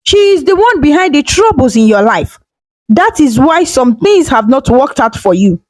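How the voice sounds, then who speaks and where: A woman's voice: high-pitched, big pitch swings, normal speed, no room sound, poor audio. A woman voicing a confident middle-aged male prophet who speaks with grave authority. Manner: grave, commanding pronouncements.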